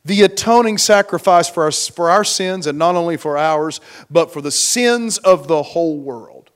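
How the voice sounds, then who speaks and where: A man preaching a sermon as pastor, slow and emphatic, his force rising and falling. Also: a little high, clean tone. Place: church.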